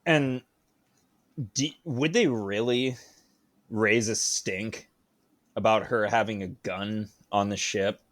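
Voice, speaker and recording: A man's voice: fairly low pitch, takes it slowly, long pauses, a bit bright. A man co-hosting a podcast in casual film discussion, swearing freely and asking incredulous questions. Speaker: podcast co-host.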